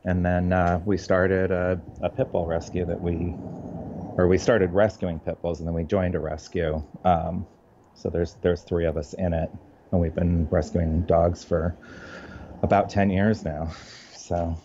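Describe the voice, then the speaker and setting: A man's voice: low voice, level tone, dark tone, dull audio, slight background noise. A man, a comic book writer, talking casually in an interview, often restarting his sentences. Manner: halting, many restarts and fillers.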